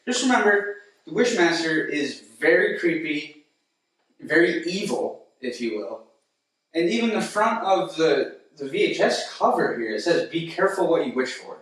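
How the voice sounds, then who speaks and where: A man's voice: on the high side, big pitch swings, moderate pace, a bit bright. Young man, casual rambling host, very echoey room, distant mic. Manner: rambling, with many fillers. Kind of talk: casual comedic film review chat.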